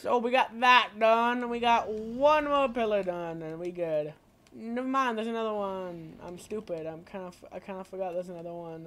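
A woman's voice: medium pitch, expressive, fast talker. A woman with a lisp doing rambling, profane let's play commentary, often yelping and shrieking. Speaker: gaming video creator.

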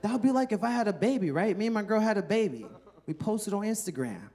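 A stand-up comedian in his thirties, working a club stage with a handheld mic. His voice sits a little higher than most men's. He talks loose and profane, half chatting with the room and often breaking into laughter at his own lines. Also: animated, fast, mellow. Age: 30s. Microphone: handheld microphone.

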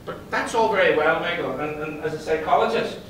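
A man giving a motivational talk to an audience, telling stories and quizzing the crowd in a lively way. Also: fairly high pitch, a little fast, slight background noise. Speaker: conference speaker and psychologist. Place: event hall. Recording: roomy hall, distant pickup.

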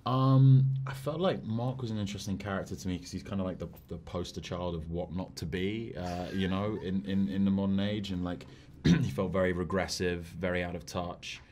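Deep voiced young guy answering interview questions, lots of ums, slight hiss behind. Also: fairly even intonation, moderate pace, few pauses, a little mellow. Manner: hesitant, many fillers. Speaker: actor guest.

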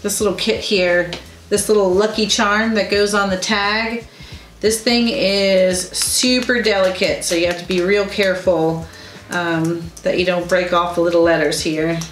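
A woman's voice: mid-range voice, fairly even intonation, unhurried. A woman co-hosting a crafting video, chatting casually, laughing often and explaining each step. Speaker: co-host of a crafting channel. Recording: echoey room with faint music.

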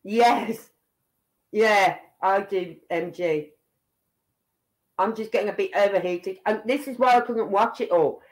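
A woman commentator reacting to a news clip with blunt, heated anger and the odd curse. She speaks slowly and deliberately in a mid-range voice. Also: medium pitch, poor audio. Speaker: online commentator.

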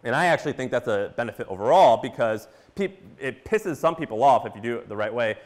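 A man from Missouri giving a casual conference talk, animated and full of fillers, acting out his own reactions as he tells stories. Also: medium pitch, fast. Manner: animated, storytelling with quoted reactions and filler words. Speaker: conference speaker.

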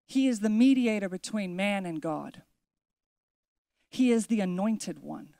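A woman pastor preaching a sermon in a church, emphatic, building repeated declarations and slowing down to give words weight. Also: mid-range voice, animated, vocal fry, dark tone, no echo, clean studio sound.

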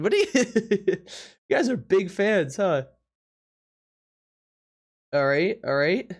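A casual live streamer talks straight to the chat through a desk mic in a middle-pitched voice. The talk comes in quick, stumbling bursts with repeated words and frequent laughter. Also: expressive. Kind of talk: casual live-stream chat while playing a drawing game.

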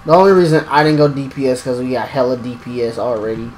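A young man giving excitable live commentary while playing a game, exclaiming and talking to himself. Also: mid-range voice, fast, a little hiss or hum, low-quality recording. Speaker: gaming streamer.

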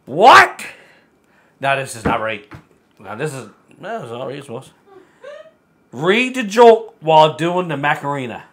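A man's voice: a little high, very animated, unhurried, pauses often, a bit bright. A man co-hosting a casual joke-reading game, laughing through his lines. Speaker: co-host.

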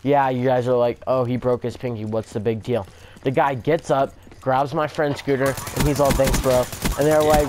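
A man's voice: mid-range voice, fairly even intonation, moderate pace. A young man telling a rambling story-time vlog, swearing often and leaning on "like". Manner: rambling, swears a lot, fillers like "like". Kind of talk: casual story time over gameplay. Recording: gameplay gunfire noise behind. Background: video game gunfire.

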